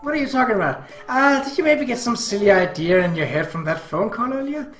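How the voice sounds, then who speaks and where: A man voicing a gentle, lightly teasing young woman, recorded in a roomy space with faint music. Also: extremely high pitch, expressive, brisk, pitched above the performer's own voice.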